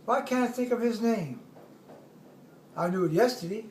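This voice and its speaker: Old guy in his 80s with a really high voice, rambling war story, laughs a lot, echoey room. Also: moderate pace, slight background noise. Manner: rambling, animated, laughs often, acts out quoted voices. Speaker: army veteran telling war stories. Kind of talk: casual storytelling at home.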